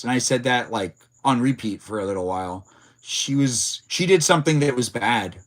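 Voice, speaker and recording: A man's voice: mid-range voice, lively intonation, moderate pace. Male streamer, casual stream host, rambling and filler-heavy, reacts to chat. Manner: rambling, many filler words; reads and answers chat messages. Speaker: livestream host.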